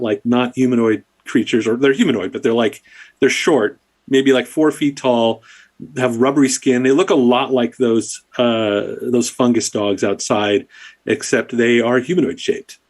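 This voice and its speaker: Man running a tabletop game. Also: mid-range voice. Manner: relaxed, filler-heavy description. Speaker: game master.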